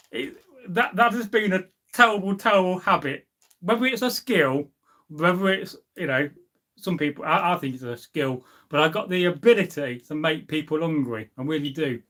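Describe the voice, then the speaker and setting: Chatty man, slightly high. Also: fairly bright tone. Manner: rambling, reading out chat comments, drawn-out savoring of food words. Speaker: live stream host. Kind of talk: casual chat.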